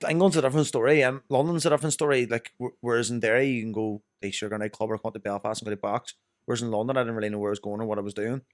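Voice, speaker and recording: A man's voice: mid-range voice, fairly even intonation, rapid-fire, no echo, studio quality. A young Northern Irish man telling rambling, sweary stories as a podcast guest. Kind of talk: casual chat.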